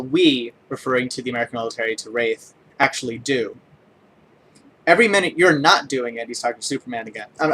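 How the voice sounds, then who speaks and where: A young man giving a casual spoken comic book review, enthusiastic but halting, with many ums, uhs and restarts. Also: medium pitch.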